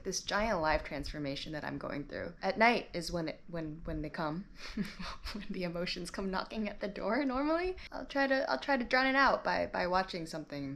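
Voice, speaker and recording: A woman in her twenties telling a candid personal story in a vlog from a hotel room, bluntly and with frequent swearing. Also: fairly low pitch. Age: 20s. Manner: blunt, swears freely, lots of "like". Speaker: vlogger.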